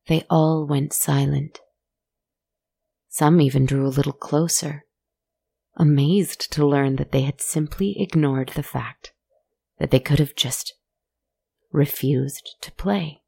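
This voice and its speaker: A woman telling a spooky story in a soft, hushed, scripted narration that sometimes sinks into a whisper. Her voice is low, husky and gravelly with heavy vocal fry, mellow in tone, and she takes her time. The recording is close and dry. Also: fairly even intonation, dry recording. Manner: soft, slow and hushed, dropping at times to a whisper.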